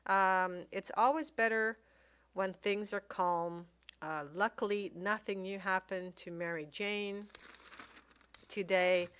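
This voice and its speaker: A woman giving casual gameplay commentary, reading game text aloud and thinking out loud with many pauses and fillers. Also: mid-range voice, clean tone. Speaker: let's play commentator.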